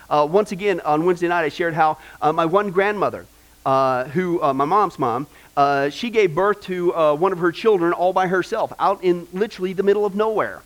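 A male pastor preaching a sermon, telling family stories in an animated way with many "uh" fillers. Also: a little high.

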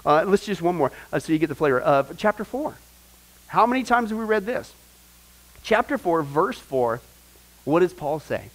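A male Bible teacher leads a discipleship class with an animated, questioning delivery. His voice sits high for a man. He keeps throwing rhetorical questions at his listeners. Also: fairly quick, poor audio.

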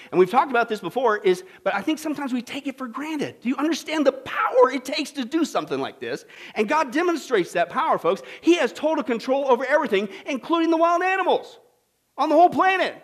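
A man preaching a sermon, animated and folksy, with acted-out voices and asides to the congregation. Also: extremely high pitch. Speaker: pastor.

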